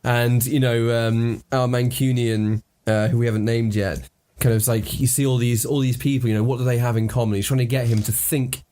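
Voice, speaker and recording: A man's voice: mid-range voice, flat delivery, brisk, hardly any pauses, warm tone. A man co-hosting a podcast, agreeing and summing up ideas as they brainstorm a story together. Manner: agreeable, sums up and steers ideas. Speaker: podcast co-host. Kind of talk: casual story brainstorming chat.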